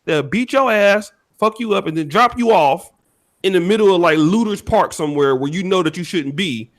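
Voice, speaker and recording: A man's voice: high-pitched, animated, moderate pace. A young American man with an American accent speaking bluntly in a casual podcast chat, swearing freely.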